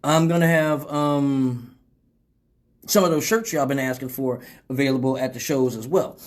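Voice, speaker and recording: A man's voice: medium pitch, normal speed. A man hosting a casual live show, rambling loosely and swearing freely after a few drinks. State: tipsy from drinking. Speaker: host.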